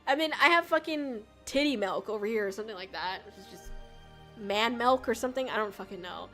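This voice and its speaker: A woman's voice: fairly high pitch, lively intonation, brisk, pushed and bright, faint music behind. A young woman streamer chatting casually with viewers, rambling with lots of fillers and swearing. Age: young adult. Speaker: VTuber streamer. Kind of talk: casual livestream chat with viewers.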